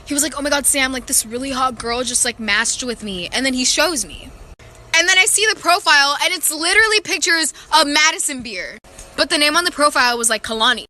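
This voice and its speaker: A woman tells a funny story in lively slang and swears freely. Her voice is high and bright. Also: a little fast, slight background noise. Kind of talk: casual storytelling.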